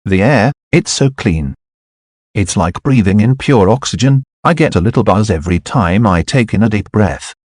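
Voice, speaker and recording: A man's voice: lowish voice, animated, normal speed, darkish tone, no room sound, clean studio sound. A man voicing a friendly, bulky young American man with a Southern accent who talks eagerly and caringly.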